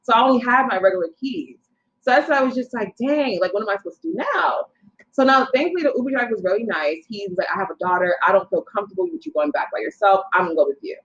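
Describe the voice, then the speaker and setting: Young woman telling a story, animated. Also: medium pitch. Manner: animated, quotes people in her story, quick asides. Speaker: guest. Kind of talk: casual storytelling. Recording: slightly dull lo-fi sound.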